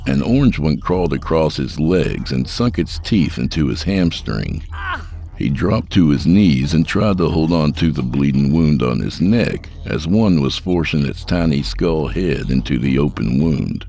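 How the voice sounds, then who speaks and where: Very deep, gravelly male horror narrator. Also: animated. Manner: measured, dark storytelling. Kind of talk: scripted narration.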